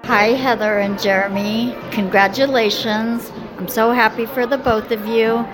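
A woman, the bride's mother, offering bright, warm congratulations. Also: fairly high pitch, steady tone, unhurried, poor audio. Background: music.

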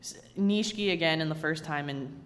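A co-host casually recapping a video game, excitable and quick to laugh, talking with many fillers. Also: medium pitch, long reverb tail.

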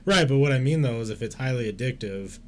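A young man chatting casually as a podcast co-host, easygoing and agreeable, quick to laugh. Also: mid-range voice, expressive. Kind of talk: casual chat. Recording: faint background noise.

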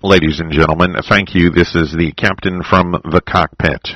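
A man imitating a deep, formal airline captain. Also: fairly even intonation, normal speed, pushed and bright, no echo. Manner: deep formal announcer delivery. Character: smooth male airline captain making cabin announcements. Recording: dull lo-fi dry studio sound.

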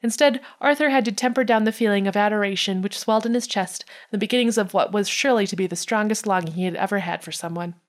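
A woman's voice: medium pitch, quick pace, hardly any pauses. Woman, Midwestern accent, reading a story aloud, casual podcast read, stumbles over words. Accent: Midwestern American. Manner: reads with stumbles and breaks into laughter. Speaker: reader of fan fiction on a podcast.

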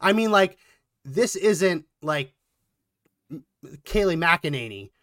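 A man co-hosting a political commentary podcast, talking in a quick, animated way and getting worked up. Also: on the high side, dry recording, studio quality. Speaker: podcast co-host.

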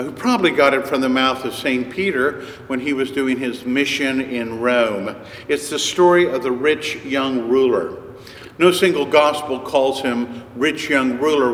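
A man preaching a sermon, telling stories in an unhurried, conversational way. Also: medium pitch, a bit bright, slight background noise. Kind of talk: sermon storytelling. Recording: echoey hall with long reverb.

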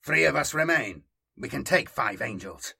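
A man's voice: mid-range voice, expressive, normal speed, vocal fry, pushed and bright, breathy edge, exaggerated voice. A man voicing Zal, a fierce male warrior eager for battle, with clipped, hungry lines in an audiobook reading.

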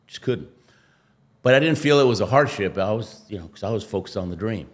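A man's voice: lowish voice, fairly quick. A man, a former athlete and interview guest, telling stories animatedly and acting out what others said. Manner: animated, acts out quotes, laughs often. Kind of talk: storytelling interview.

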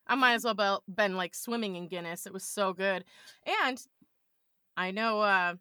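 A woman's voice: medium pitch, fairly even intonation, normal speed, pushed and bright, clear, resonant tone, dry recording, clean studio sound. A woman chatting as a podcast guest, telling playful stories in a casual way. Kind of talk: casual chat.

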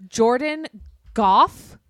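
A bubbly, rambling woman chatting on a podcast, her voice fairly high and full of swings. The sound is dry and close. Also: lively intonation, very slow, fairly bright tone, dry recording. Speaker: podcast co-host. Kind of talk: crude casual chat.

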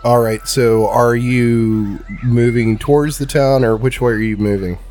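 A man running a tabletop game as game master, narrating the scene in a calm, measured way with occasional fillers. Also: medium pitch, soft background music.

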